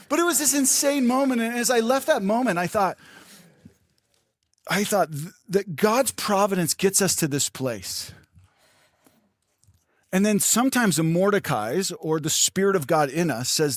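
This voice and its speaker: Animated older male pastor preaching. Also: high voice, normal speed, no room sound, clean studio sound. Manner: animated storytelling, acts out quoted voices. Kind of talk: sermon.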